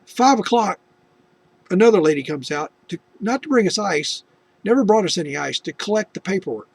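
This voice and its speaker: High-pitched and animated, this middle-aged American man speaks briskly with a breathy edge while hosting a video testimony. He rambles through his personal faith story with many restarts and asides, and the recording is dry.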